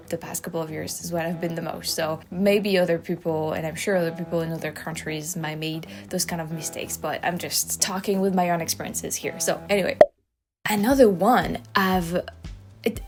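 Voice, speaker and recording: A woman's voice: lowish voice, darkish tone. A young adult French woman with a French accent, chatting casually and emphatically to camera as a video host, with frequent restarts. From France. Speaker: YouTube host. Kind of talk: casual explainer talk to camera.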